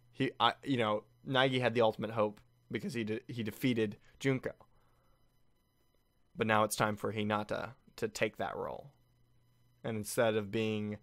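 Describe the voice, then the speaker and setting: A young man giving casual reaction commentary on an anime, excited and laughing, briefly mimicking the characters' lines. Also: fairly low pitch, no room sound.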